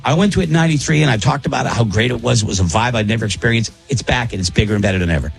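Gravelly-voiced man hosting radio chat. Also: medium pitch, rapid-fire, faint music behind. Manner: rambling, easygoing, many fillers. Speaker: radio show host. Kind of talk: casual morning radio chat.

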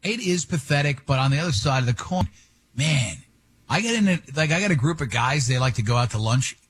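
A man's voice: medium pitch, lively intonation, fairly quick, a little hiss or hum. A male radio co-host in casual studio banter, teasing and blunt with jokey interjections.

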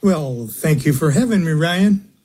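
Male radio guest, husky, unhurried, halting delivery full of uhs. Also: fairly high pitch, animated, darkish tone. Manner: halting, many uhs, chuckles. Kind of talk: radio interview.

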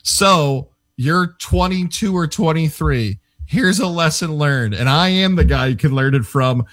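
A man's voice: fairly high pitch, measured pace, fairly bright tone, no room sound, clean studio sound. A middle-aged man who used to be a pro athlete, co-hosting a sports show and talking reflectively. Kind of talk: casual sports talk.

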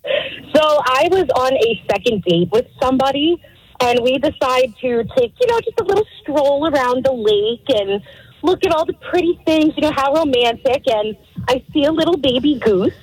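Giggly, animated woman caller. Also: high voice, normal speed, husky, no room sound, low-quality recording. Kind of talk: phone-in storytelling.

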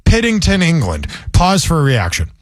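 A man's voice: a little high, big pitch swings, normal speed, dry recording, clean studio sound. Sardonic man hosting a comedy show. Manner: sardonic, joking rants. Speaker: comedy podcast host. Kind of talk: casual comedic chat.

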